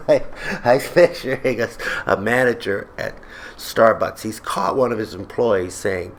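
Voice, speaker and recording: A vlogger with a fairly low voice rants to camera at a measured pace, comedic, exasperated, and sarcastic throughout. Faint music plays in the background, with a little hiss or hum on the recording.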